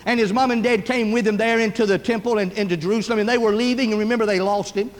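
A man's voice: high voice, fairly even intonation, fast talker, big-room sound. A man preaching a sermon, telling folksy stories and acting out the voices of the people in them. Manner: storytelling preacher, acts out voices in anecdotes.

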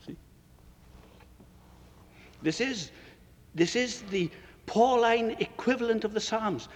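A man preaching to fellow preachers with emphatic rhetorical questions, his voice soaring and then dropping to a hush. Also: high voice, takes it slowly. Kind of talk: sermon lecture. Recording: long reverb of a large hall.

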